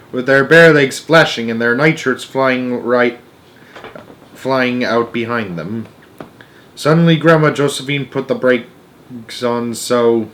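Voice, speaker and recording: Man reading a children's story aloud. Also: mid-range voice. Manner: gentle, expressive narration.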